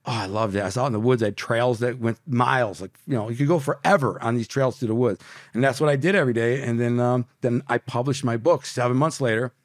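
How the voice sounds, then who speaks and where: A man's voice: medium pitch, quick pace, no room sound, clean studio sound. A man, a podcast guest and author, telling his story in an emotional, vivid, casual way, full of slang like dude and bro. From Detroit, USA.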